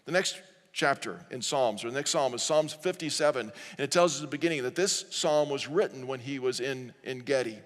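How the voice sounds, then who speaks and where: A man's voice: medium pitch, brisk. Earnest man preaching in a reverberant hall. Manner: earnest preaching, reading scripture aloud with the congregation. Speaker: pastor. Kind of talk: sermon. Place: large church sanctuary.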